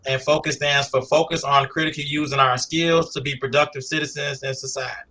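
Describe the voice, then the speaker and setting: Bright, soft-spoken man in his forties. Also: on the high side, flat delivery, a little fast. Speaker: guest, entrepreneur. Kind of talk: introducing himself on a talk show. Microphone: video call.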